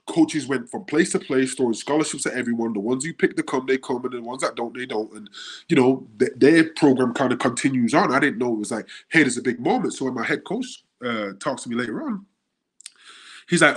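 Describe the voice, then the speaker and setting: Husky guy spinning stories, acts out the quotes, totally casual. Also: mid-range voice, fairly quick. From United Kingdom. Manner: animated storyteller, acts out quotes. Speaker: guest. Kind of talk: casual storytelling chat.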